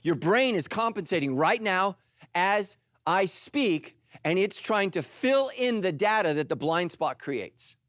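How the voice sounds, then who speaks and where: A middle-aged male pastor preaching a sermon in an animated, joking way, acting out little voices. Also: high-pitched, unhurried, dry recording, studio quality. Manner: animated, jokey, acts out voices.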